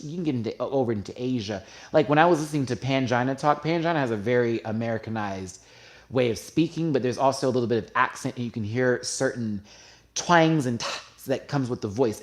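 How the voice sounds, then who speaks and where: Male host, casual live-stream chat, middle pitch, chatty and gushing. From United States. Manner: chatty and gushing, swings from hushed asides to loud squeals.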